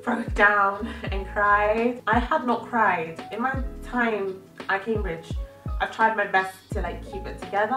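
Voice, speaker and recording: A woman in her early twenties, a vlogger telling a personal story in a candid, emotional, conversational way. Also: medium pitch. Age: early 20s. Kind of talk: confessional storytelling vlog. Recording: roomy, slightly distant, faint music.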